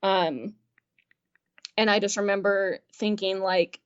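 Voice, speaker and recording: A woman's voice: mid-range voice, normal speed, lo-fi sound. A woman guest telling a personal story in casual conversation, chatty and full of fillers, acting out the dialogue she recalls and laughing often. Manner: chatty, filler-heavy retelling that acts out quoted dialogue with frequent laughs. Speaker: interview guest.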